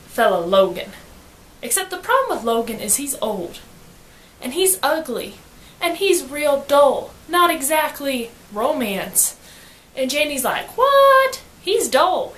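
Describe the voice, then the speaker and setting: A woman's voice: high-pitched, very animated, a little slow. A young woman giving a playful, slangy, casual book review as a vlogger. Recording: echoey room.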